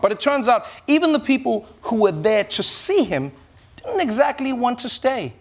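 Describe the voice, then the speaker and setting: A man's voice: very high voice, very animated, normal speed, breathy edge. A male host delivering a sarcastic, mocking comedy monologue with big swings in his voice. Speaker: late-night comedy host. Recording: noisy recording.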